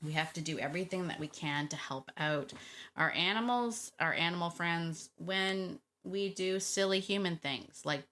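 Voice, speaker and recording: A woman's voice: lowish voice, moderate pace, bright, forceful tone. A woman hosting a dog training podcast, giving casual advice in a chatty way, sometimes losing a word and laughing at herself.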